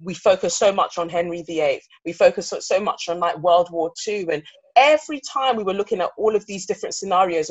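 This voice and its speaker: A reflective guest in their thirties, raised in England, talking in an interview. They speak earnestly at a middle pitch, restarting phrases as they search for the right words. The recording sounds a little dull and muffled. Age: 30s.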